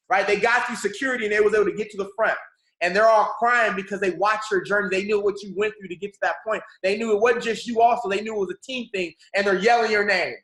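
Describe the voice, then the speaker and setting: A man leading a morning mentorship call as a motivational coach, fervent and repetitive, swinging between rising excitement and soft, low reflection. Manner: drops to a soft, low hush for reflective moments. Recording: echoey room.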